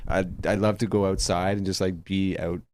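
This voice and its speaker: A man co-hosting a podcast, chatting in a relaxed, agreeable way. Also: deep voice, moderate pace, dry recording. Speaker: podcast co-host. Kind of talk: casual chat.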